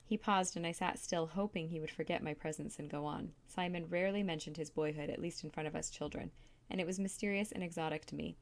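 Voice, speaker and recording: Calm woman reading a novel aloud. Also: low voice, fast. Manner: calm, steady narration. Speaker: reader.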